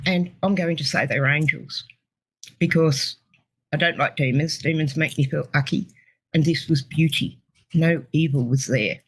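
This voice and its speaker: Husky Australian woman with gravelly creak. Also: low-pitched, poor audio. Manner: earnest, emotional storytelling. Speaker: guest telling a near-death experience. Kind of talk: personal testimony.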